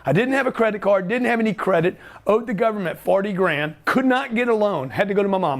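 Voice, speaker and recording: Brief: middle-aged host, high-pitched, brash, joking, slangy. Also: male voice, animated, a little fast. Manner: loud, joking, pushy, slangy. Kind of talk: energetic office talk to camera.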